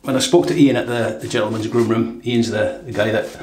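A man hosting a casual shaving video, chatting in a relaxed way and often saying "right". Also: fairly low pitch, a little fast. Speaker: shaving vlogger. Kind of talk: casual shave demonstration. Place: home bathroom. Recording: echoey bathroom with faint water noise.

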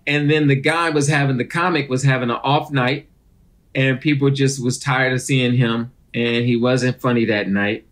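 A middle-aged man, a comedian guest telling animated stories in a casual interview. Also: mid-range voice, moderate pace. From Detroit, USA. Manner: animated storyteller who acts out other people's voices.

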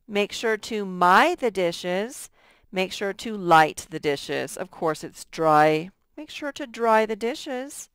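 A woman's voice: mid-range voice, animated, slow pace, smooth, no room sound, clean studio sound. A woman teaching a recorded first grade lesson, patiently sounding out letters and stretching words for young students.

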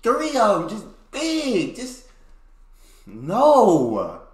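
American man, reaction host, casual commentary, laughs a lot, slow drawl, roomy echo. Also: high voice, huge pitch swings. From United States. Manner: laughs often, repeats lines he likes.

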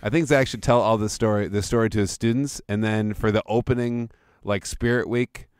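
A man's voice: fairly low pitch, fairly even intonation, fairly quick, a little mellow, clean tone, dry recording. A male podcast co-host riffs in a playful, joking way during casual chat. He speaks close to the mic, and the sound is dry.

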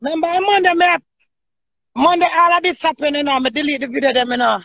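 A woman with a Jamaican accent chats casually in patois on a live stream, blunt, brash and boastful. Her voice sits high and steady with a quick pace, a creaky and slightly bright quality, and no room sound, though the recording has a dull lo-fi sound.

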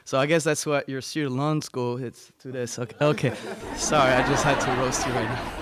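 A man's voice: medium pitch, fairly even intonation, a little fast, a bit bright, no room sound, a faint crowd. A young man from France with a light French accent, doing a rambling, self-mocking stand-up set on a small club stage. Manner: rambling, self-mocking, many fillers and restarts. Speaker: stand-up comedian.

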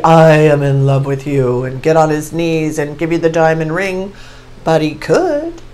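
A woman in her sixties giving a casual tarot reading to camera, excitable and gushing as she exclaims over each card. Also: medium pitch, poor audio. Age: 60s. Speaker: tarot reader.

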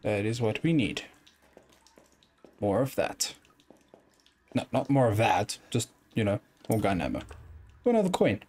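A man's voice: fairly low pitch, very animated, unhurried, pauses often, darkish tone. A man giving let's play commentary, chatting and muttering to himself as he plays a video game. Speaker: gaming YouTuber.

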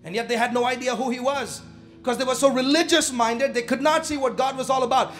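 Man, pastor, very high voice, live church sermon, shouts and quiet asides, faint music behind. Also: brisk. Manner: animated preaching, shouting and dropping to asides; casual slang, laughs at own jokes.

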